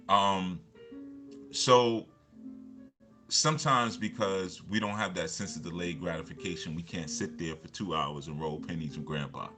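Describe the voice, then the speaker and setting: A man, a motivational speaker, telling personal stories in a loose, rambling way, with lots of restarts and repeated fillers. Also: low-pitched. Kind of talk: casual storytelling talk.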